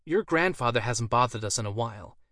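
A man voicing a weary, sensible young woman who speaks softly and reasons patiently. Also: mid-range voice, expressive, brisk, no echo, clean studio sound, lightly acted. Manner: soft, tired and reasoning.

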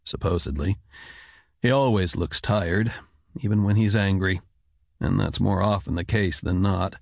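A man reading an audiobook, voicing a prematurely gray senior mage in a measured, wry manner. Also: low voice, gravelly, darkish tone, no room sound, heavily acted. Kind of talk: audiobook character voice.

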